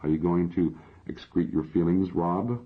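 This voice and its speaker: A man voicing a calm, persistent male AI therapist in an audiobook, asking patient probing questions. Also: sits low, unhurried, husky. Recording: dull lo-fi audio.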